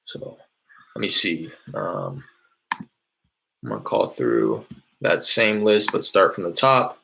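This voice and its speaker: A man casually explaining how he makes cold calls, in a loose, rambling way with many fillers, from a small warm room. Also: sits low, very animated, slow, gravelly, slightly rough. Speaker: real estate wholesaler teaching cold calling. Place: small hot indoor room.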